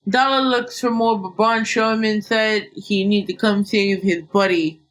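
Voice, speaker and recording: A woman's voice: medium pitch, fairly even intonation, unhurried. A woman hosting a casual wrestling podcast, recapping bluntly and swearing freely. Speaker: podcast host.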